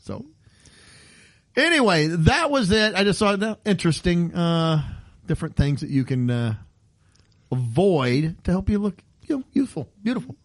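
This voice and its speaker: Male comedy podcast host in his 50s, slightly high voice, swooping animated delivery. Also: moderate pace. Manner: animated storyteller who acts out the people in his stories. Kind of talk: casual comedy chat.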